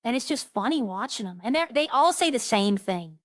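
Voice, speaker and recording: A woman's voice: a little high, expressive, fairly quick, no room sound. A woman chatting casually on a roleplay stream, rambling through funny stories and imitating the people she quotes.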